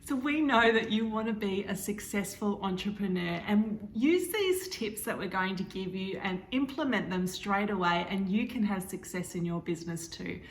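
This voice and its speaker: Female marketing trainer, clear and explanatory, mid pitch, echoey room. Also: normal speed, hardly any pauses, slight background noise. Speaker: social media marketing trainer. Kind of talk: presentation to a live event audience. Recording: roomy echo.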